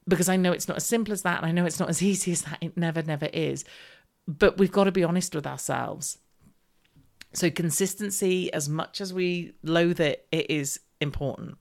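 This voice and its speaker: A middle-aged woman with a low voice hosts a solo podcast as a business coach. She talks directly and emphatically, repeating her key points.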